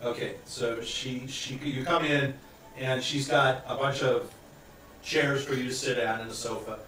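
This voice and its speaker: A man's voice: mid-range voice, steady tone, fairly bright tone. Man, game master, rambling narration, roomy echo, distant mic, faint hiss. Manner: rambling, halting, many fillers. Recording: echoey room, mic far off, faint hiss.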